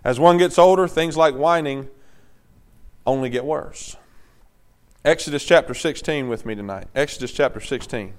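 A man's voice: mid-range voice, normal speed, long pauses. A man preaching a sermon in a conversational way, often checking in with his congregation.

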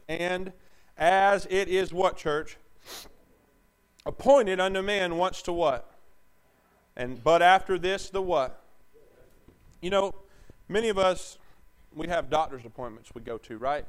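Man, pastor preaching a sermon, somewhat high voice, call-and-response, hushed to shouting. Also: measured pace, long pauses, clean tone.

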